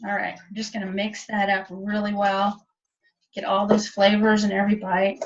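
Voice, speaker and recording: A woman's voice: mid-range voice, completely flat delivery, moderate pace. Chatty woman demonstrating cooking, distant mic. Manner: chatty, practical step-by-step instruction. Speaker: cooking instructor. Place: kitchen. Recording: distant, dull webinar audio.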